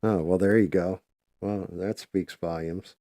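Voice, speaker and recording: Low, mellow-voiced man chatting on a livestream. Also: fairly even intonation, measured pace, no room sound, clean studio sound. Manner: loose, chatty, swears freely. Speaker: livestream host. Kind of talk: casual live-stream chat while painting.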